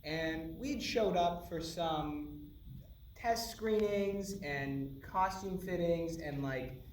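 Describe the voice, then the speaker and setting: A man's voice: on the high side, very slow, a little hiss or hum. A man on a panel, animatedly telling stories and laughing often at a Q&A. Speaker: actor on a panel. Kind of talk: animated storytelling at a Q&A. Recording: echoey hall from far off.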